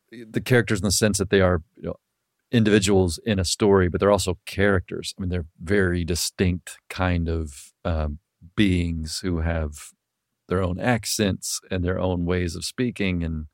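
Man, podcast host, very low voice, loose storytelling, dry sound. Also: no echo. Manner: loose storytelling, swears, laughs easily. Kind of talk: casual chat.

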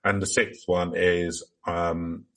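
A man voicing a self-righteous male cult guru in comedic improvised role-play, deadpan and mock-solemn. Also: sits low, slow pace, heavily acted. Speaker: guest.

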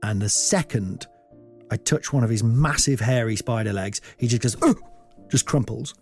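A man's voice: on the low side, normal speed, a little mellow, faint music behind. A middle-aged man and comedian hosting a podcast, telling a rambling, self-deprecating comic monologue full of swearing.

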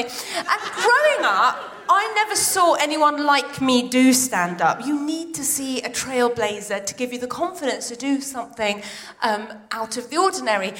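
A woman, doing a live stand-up set on a theatre stage, excitable and full of quick asides. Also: sits high, slight background noise. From Iran. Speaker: stand-up comedian.

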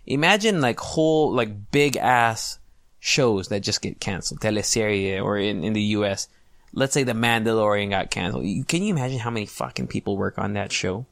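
A man's voice: lowish voice, fairly quick, gravelly, fairly bright tone, no room sound, clean studio sound. A man in his late twenties hosting a solo podcast, talking casually with swearing and self-mocking humor. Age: 20s. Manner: casual, profane, self-mocking, laughs often. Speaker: podcast host.

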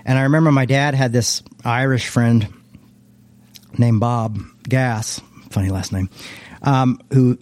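A man with a mellow, warm voice recalls his past in a relaxed interview, circling back and restarting his thoughts as he goes. The recording is dry and close, with no room echo. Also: medium pitch, measured pace. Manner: reflective, meandering, frequent restarts. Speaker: interview guest, former pastor. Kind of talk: casual conversational storytelling.

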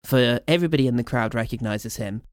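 A man playing a tabletop role-playing game, describing his character in a measured, hesitant way. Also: medium pitch, no room sound, studio quality. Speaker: player.

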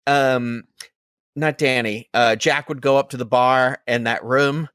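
A man's voice: mid-range voice, fairly even intonation, a little slow, a bit bright, clear, resonant tone, no room sound, studio quality. A man co-hosting a podcast, telling a story in a casual chat with lots of fillers. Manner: rambling, filler-heavy storytelling. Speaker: podcast co-host.

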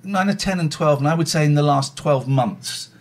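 A man in his forties chatting casually on a podcast, jokey and quick to slip into silly voices. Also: a little high. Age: 40s. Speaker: podcast host. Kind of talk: casual chat.

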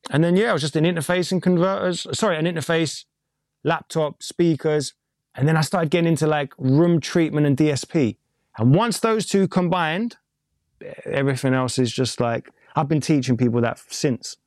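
A man from England with a London accent talks shop in a relaxed interview, candid and rambling, with casual swearing along the way. His voice sits a little high for a man. The sound is dry and close, with no room echo. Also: normal speed. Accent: London English. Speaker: music producer and mix engineer.

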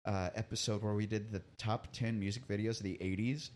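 A man's voice: fairly low pitch, fairly even intonation, fairly quick, darkish tone. A man hosting a podcast, chatting casually and telling stories with frequent laughter. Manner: chatty storyteller, laughs often. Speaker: podcast host. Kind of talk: casual chat.

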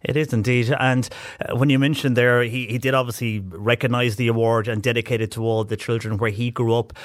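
A man hosting a radio show, talking in a measured way and often pausing on "uh" sounds. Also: mid-range voice, steady tone, no room sound. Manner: measured, with frequent "uh" pauses. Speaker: radio host. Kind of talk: radio interview chat.

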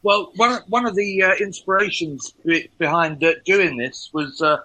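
Husky bright-voiced guy, lots of ums, explaining the show's approach. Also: high-pitched, steady tone, normal speed, dry recording, rough recording. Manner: hesitant, many ums. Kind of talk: casual interview.

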